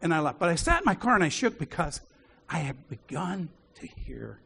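A man's voice: fairly high pitch, big pitch swings, normal speed, gravelly, fairly bright tone, a little hiss or hum. A man preaching a sermon, telling a personal story with frequent chuckles. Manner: chuckles often while telling stories.

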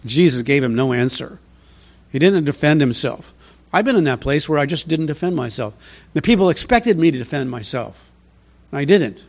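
A man's voice: fairly high pitch, animated, moderate pace. A man preaching a conversational verse-by-verse sermon, emphatic and fond of rhetorical questions. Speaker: pastor. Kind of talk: expository sermon.

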